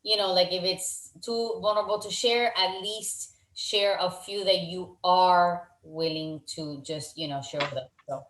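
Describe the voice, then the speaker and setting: A woman's voice: lowish voice, fairly even intonation, unhurried, few pauses, a bit bright. Woman, team coach, motivational, effusive, video call, roomy echo. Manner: effusive, encouraging, repeats praise.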